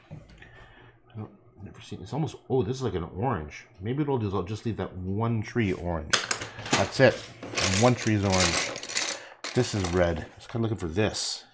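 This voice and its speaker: A man's voice: low voice, a little hiss or hum. Rambling, foul-mouthed male painter. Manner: rambling, profane, mutters to himself. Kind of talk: casual livestream talk while painting.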